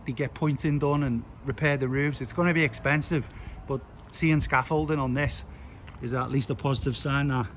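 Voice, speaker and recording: A man's voice: medium pitch, rough recording. A man narrating a casual walking vlog outdoors, chatty and rambling, with fillers. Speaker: vlogger. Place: outdoors on a street. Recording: outdoor traffic noise behind.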